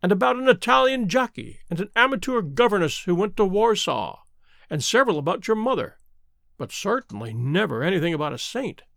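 A man's voice: high voice, big pitch swings, fairly quick, creaky, a bit bright, no echo, clean studio sound, exaggerated voice. A man reading aloud and voicing a bored, worldly baroness with an arch, languid manner.

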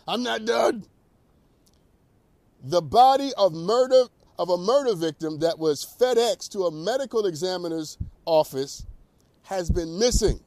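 Lively preacherly male talk host. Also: sits high, no echo. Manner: animated, preacherly, laughs at own jokes. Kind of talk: talk show monologue.

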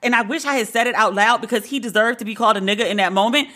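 A woman from Brooklyn with a New York accent tells a frank personal story to her audience. Her voice is bright and forceful, and her delivery is blunt and full of swearing. She slips into the other people's lines as she retells them. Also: fairly high pitch, fairly even intonation, racing. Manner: blunt, profane, acts out quoted dialogue.

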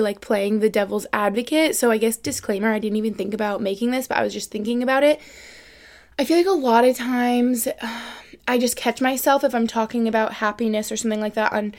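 A young adult woman hosting her own podcast, talking in a rambling, upbeat way full of fillers. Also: fairly high pitch. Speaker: podcast host. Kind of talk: casual solo podcast chat.

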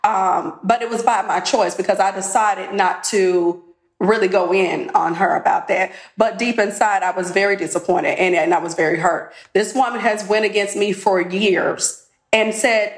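A woman's voice: medium pitch, moderate pace. A woman reality TV cast member telling a candid story in a podcast interview. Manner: candid, retells conversations. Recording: roomy echo.

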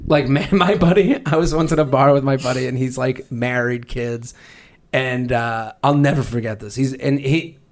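A man's voice: mid-range voice, normal speed. A man in his thirties hosting a podcast, chatting casually, rambling through stories with crude jokes. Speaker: podcast host. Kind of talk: casual chat.

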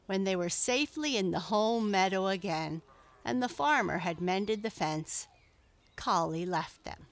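Female storybook narrator; gentle, unhurried, measured. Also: medium pitch, expressive.

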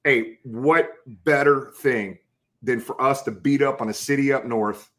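A man hosting a casual football podcast, talking excitedly and calling his guest brother and man. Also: medium pitch, a little slow. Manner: excitable, enthusiastic, keeps saying brother and man. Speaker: podcast host. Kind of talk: casual chat.

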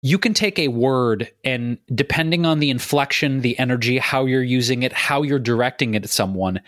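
A man's voice: mid-range voice, no room sound. Emphatic man on a podcast, dry sound. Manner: animated, emphatic, acts out quoted reactions. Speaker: podcast co-host. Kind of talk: conversational podcast talk.

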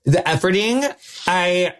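A man hosting a podcast interview in a playful, jokey way with quick asides and self-interruptions. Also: high voice, lively intonation, a bit bright. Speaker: podcast host. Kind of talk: casual interview chat.

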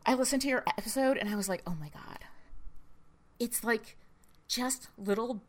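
A woman's voice: fairly high pitch, a little fast. A woman hosting a casual podcast interview, chatty and emphatic, often laughing as she talks. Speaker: podcast host.

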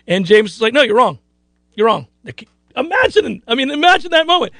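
Male sports radio host, high gravelly voice, dry close mic, storyteller who laughs a lot. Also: fairly quick, no room sound. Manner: animated, laughs often, acts out quotes loudly.

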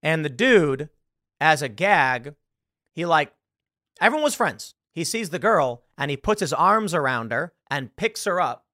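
A young man hosts a casual podcast and rants with lots of animation, leaping up in pitch to hit his points. His voice is bright and sits slightly high. The mic is close and the sound is dry. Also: a little slow, no echo. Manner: animated, ranting, jumps in pitch for emphasis. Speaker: podcast host. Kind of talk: casual political talk.

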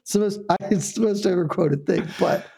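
A man's voice: high-pitched, normal speed, vocal fry, mellow, slightly rough. A man co-hosting a casual sports podcast, rambling and laughing as he talks. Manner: rambling, laughs often, restarts sentences. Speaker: podcast co-host. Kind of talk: casual chat.

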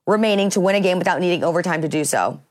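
A woman hosting a morning talk show, steering casual banter from topic to topic at a steady pace with "uh" fillers. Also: fairly low pitch, rapid-fire.

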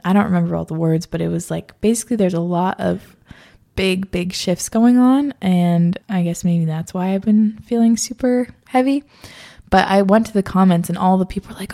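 A woman's voice: medium pitch, vocal fry, dark tone. A young woman hosting a podcast, chatting casually on her own, swearing freely and laughing often. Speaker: podcast host. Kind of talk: casual solo chat.

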